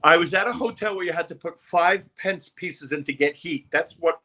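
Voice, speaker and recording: Male interview guest, storyteller, profane and animated; high, bright voice. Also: moderate pace. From New York. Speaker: interview guest, music producer.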